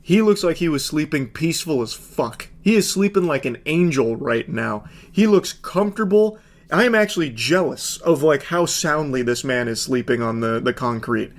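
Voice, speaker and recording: A man's voice: a little high, expressive, moderate pace. A man giving casual, sardonic, profanity-laced commentary.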